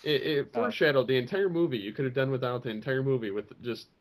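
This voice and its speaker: A man's voice: mid-range voice, fast talker. A man chatting casually on a fan podcast in an easygoing, joking way. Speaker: podcast co-host.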